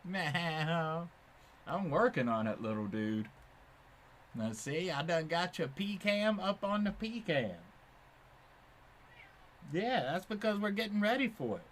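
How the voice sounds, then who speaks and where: A man's voice: high voice, very animated, a little slow, long pauses, slight background noise. A man chatting playfully with his cat while filming, teasing it and laughing often. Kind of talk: casual talk to a pet.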